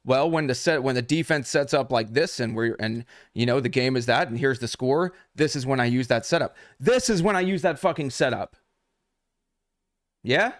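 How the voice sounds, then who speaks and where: Male trading coach live-streaming, loose and profane, mid-pitched, close dry mic. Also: brisk, hardly any pauses, no room sound. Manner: casual, profane, talks straight to chat. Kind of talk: unscripted live stream teaching.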